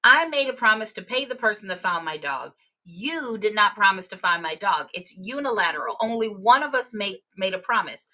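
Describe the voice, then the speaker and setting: A woman's voice: medium pitch, lively intonation, moderate pace, hardly any pauses, sharp tone. A woman teaching real estate exam vocabulary in a live webinar, explaining terms with everyday examples.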